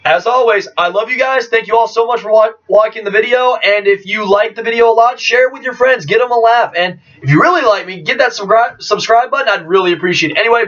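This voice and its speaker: A man answering viewer questions in a casual vlog, excitable and jokey, trailing off and restarting. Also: very high voice. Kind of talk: casual chat. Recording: distant, dull lo-fi mic.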